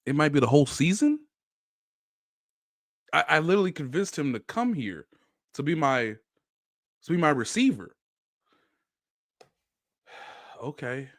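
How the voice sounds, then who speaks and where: Man, podcast analyst, slightly high, very lively pitch, flustered comic rambling, dry mic. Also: measured pace, long pauses, no echo. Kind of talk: comic sports podcast riff.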